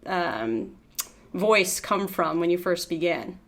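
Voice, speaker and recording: A woman's voice: fairly low pitch, lively intonation, slow, vocal fry. A woman co-hosting a podcast, asking questions in a chatty, casual way and laughing easily. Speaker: podcast co-host.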